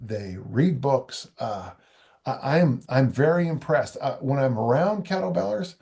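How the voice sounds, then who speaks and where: A man's voice: medium pitch, expressive, measured pace, creaky, mellow. An older man, a strength coach and author, talking casually in an interview, rambling with many restarts and asides.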